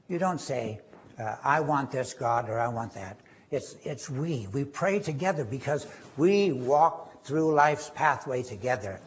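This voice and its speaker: A man preaching a sermon, quoting scripture and rising in pitch and force on key phrases. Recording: dull lo-fi recording.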